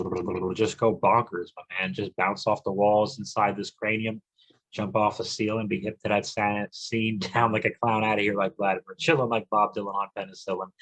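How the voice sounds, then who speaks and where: A man's voice: on the low side, fairly bright tone, rough recording. A man in his forties hosting a solo comedy podcast, rambling and self-mocking, bursting into mock-macho rants. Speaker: podcast host.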